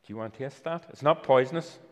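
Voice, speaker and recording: A man's voice: medium pitch, quick pace, in a large hall. A man preaching a children's talk sermon, telling the story and inviting listeners up to taste props.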